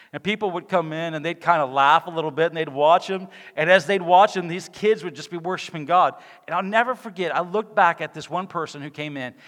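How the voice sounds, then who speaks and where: A male pastor preaching a sermon with passion, swinging between loud exclamations and hushed, quiet lines. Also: fairly high pitch. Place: church sanctuary. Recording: long reverb of a church hall.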